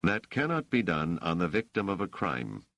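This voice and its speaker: A man voicing a stern police officer who questions suspects in a flat, probing, faintly sarcastic way. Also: low voice, moderate pace, dry recording, pitched above the performer's own voice, full character voice. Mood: interrogating. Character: stern male police officer, coolly interrogating.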